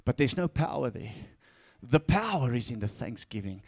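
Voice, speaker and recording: A man preaching a sermon, swinging between soft asides and loud, repeated calls, often laughing and stumbling over his words. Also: mid-range voice, big pitch swings, normal speed. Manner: laughs often, stumbles and restarts when fired up. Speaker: pastor.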